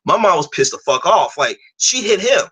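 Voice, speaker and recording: A man's voice: high voice, very animated, moderate pace, sharp tone, husky, low-quality recording. A man in his twenties hosting a stream, telling a personal story in heated, profane casual talk. His speech is blunt and full of swearing. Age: 20s. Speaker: stream host.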